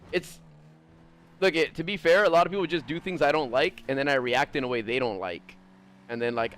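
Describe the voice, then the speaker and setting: A young man chats on his livestream in a higher-than-usual voice that swings widely up and down. He is blunt and profane and rambles through his thoughts with a steady stream of fillers. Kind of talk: casual livestream chat.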